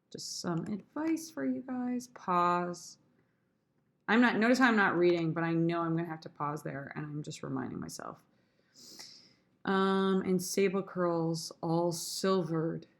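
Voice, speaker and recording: Slow, low-voiced woman teacher. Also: creaky. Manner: talks through her own sonnet rehearsal, trying lines aloud; chatty, addresses students directly. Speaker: drama teacher. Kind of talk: screen-recorded lesson.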